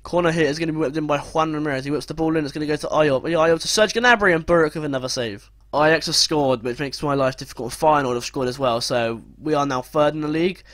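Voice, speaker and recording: A young man narrating his football management game as play-by-play commentary, breaking into loud, swearing outbursts. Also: on the high side, steady tone, fast, few pauses, dry recording. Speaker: gaming commentator.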